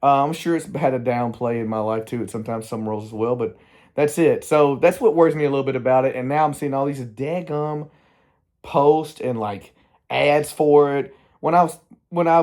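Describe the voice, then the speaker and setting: A man's voice: mid-range voice, a little mellow. A middle-aged man, talking candidly to the camera in a rambling personal vlog, often trailing off and restarting. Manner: candid, meandering, self-interrupting. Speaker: vlogger.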